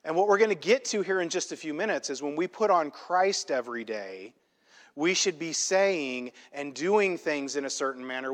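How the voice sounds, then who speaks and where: A male pastor preaching a sermon in a church, emphatic and conversational, often checking in with a quick "right?". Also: on the high side, a bit bright. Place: church sanctuary. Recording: long hall reverb in a church.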